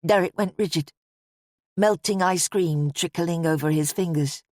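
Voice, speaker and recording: A woman reading an audiobook in a measured, even narration style. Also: lowish voice, dry recording, clean studio sound. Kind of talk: scripted narration.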